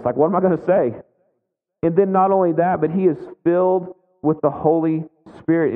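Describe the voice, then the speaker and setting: Pastor guy, 30s, chatty sermon, kinda high voice, tinny sound w/ big hall echo. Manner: conversational, frequent "right?" asides. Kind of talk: sermon with personal story. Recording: phone-like audio with long hall reverb.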